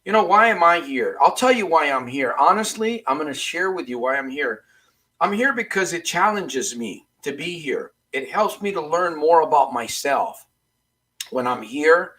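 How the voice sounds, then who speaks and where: A man's voice: a little high, fairly bright tone. Rambling male life coach live on air. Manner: rambling, repeats questions to the audience, frequent restarts. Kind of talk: casual motivational livestream talk.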